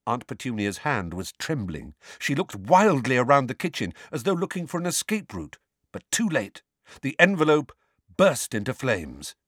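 Male audiobook narrator, really lively pitch, dead dry sound. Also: normal speed, slightly rough, no room sound. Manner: dramatic, expressive reading.

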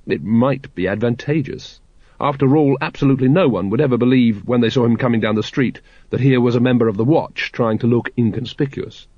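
A man narrating a novel in a dry, measured storytelling manner, on a dry, slightly dull recording. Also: medium pitch, slightly rough, no room sound. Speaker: audiobook narrator. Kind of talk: scripted narration.

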